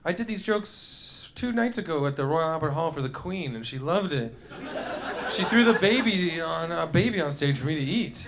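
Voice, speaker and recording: Young guy doing stand-up on a club stage, crude and loose, laughs a lot, voice sits high, mic in hand. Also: animated, moderate pace, creaky, a crowd in the background. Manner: loose, crude, laughing through lines, shouting bursts. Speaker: stand-up comedian. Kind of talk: live stand-up riffing with the crowd. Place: comedy club stage before a live audience.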